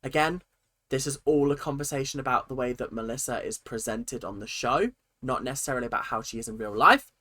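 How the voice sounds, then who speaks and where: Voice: mid-range voice, a little fast, bright, forceful tone. A host ranting indignantly while reacting to a TV show, in heated, fired-up commentary.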